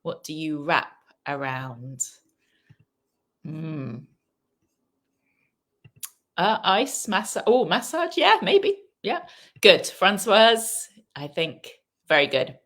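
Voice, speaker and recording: A woman's voice: low-pitched, very slow, long pauses, fairly bright tone. A woman teaching English on a live stream, asking viewers questions, reading out their comments and modelling pronunciation. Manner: reads viewer comments aloud and praises answers; asks the audience questions and stresses pronunciation.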